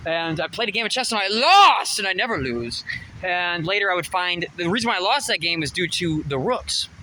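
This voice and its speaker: A man rambling excitably in a personal vlog, laughing often and swinging from muttering to shouting. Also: high voice, brisk, a little hiss or hum, rough recording. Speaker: vlogger.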